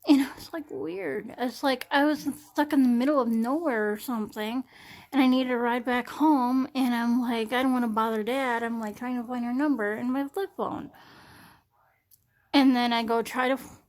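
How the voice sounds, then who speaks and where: Young woman, casual phone vlog, slightly high voice, rambling with lots of restarts. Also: fairly even intonation, darkish tone. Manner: rambling, halting, many fillers and restarts. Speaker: vlogger. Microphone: smartphone.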